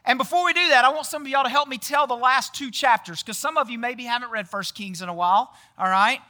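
A man's voice: extremely high pitch, fast, sharp tone. A man giving a casual sermon, chatty and often quizzing the audience with questions. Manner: chatty, often tags lines with "right?". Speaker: pastor.

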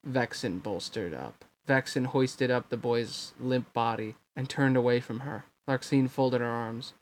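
Guy reading a novel out loud, plain mid voice, the odd slip. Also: medium pitch. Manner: quick, plain reading with occasional slips. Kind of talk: novel read-aloud narration.

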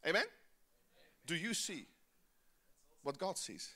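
A man preaching a sermon in church, calling the congregation to respond and swinging between loud emphasis and quiet asides. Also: high voice, very animated, a little fast. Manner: exhorting the congregation, calls for responses. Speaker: pastor.

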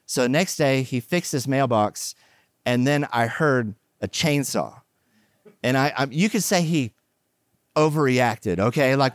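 A middle-aged man preaching a conversational sermon, mixing jokes and animated asides with scripture. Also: mid-range voice, no room sound, clean studio sound. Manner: joking, animated asides, chatty fillers. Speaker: pastor.

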